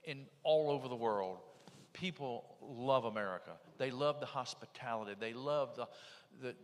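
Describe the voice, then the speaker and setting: A man's voice: mid-range voice, fairly bright tone. Plainspoken Southern man, echoey hall. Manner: plainspoken, emphatic. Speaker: panel speaker. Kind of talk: folksy storytelling.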